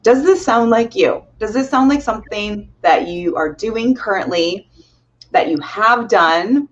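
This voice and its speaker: A woman's voice: mid-range voice, expressive, unhurried, lo-fi sound. Bubbly woman co-hosting a live chat. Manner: bubbly, laughs often, chatty. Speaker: co-host.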